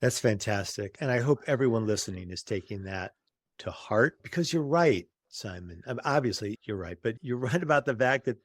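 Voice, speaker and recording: A man's voice: mid-range voice, animated, normal speed, no echo, clean studio sound. A man hosting an interview podcast, enthusiastic and affirming toward his guest. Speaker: host.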